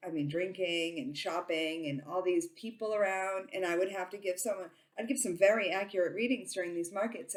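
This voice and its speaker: A woman who reads tarot, talking casually to her viewers and saying she talks very loudly, with lots of ums and restarts. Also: fairly low pitch. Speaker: tarot reader and psychic. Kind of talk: casual informational talk to camera.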